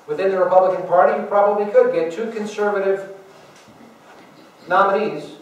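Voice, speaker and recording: A man's voice: high-pitched, fairly even intonation, fairly quick, dull audio. A man giving a political speech to a meeting as guest speaker, emphatic, with rhetorical asides to the audience. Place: large meeting room. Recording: echoey hall, voice from far off.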